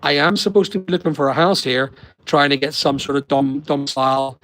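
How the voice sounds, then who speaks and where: A middle-aged man from Northern Ireland, with the accent to match, rambles through a live stream from holiday lodging abroad, answering viewers' comments as he goes. His mid-range voice is a little fast and a bit bright, with fairly even intonation. The recording is dry and the audio poor, coming through a laptop or phone on a weak connection.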